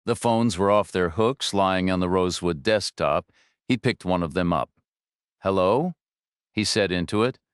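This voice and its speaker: A man reading a thriller audiobook in steady, measured narration. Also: deep voice, clean tone, dry recording, clean studio sound.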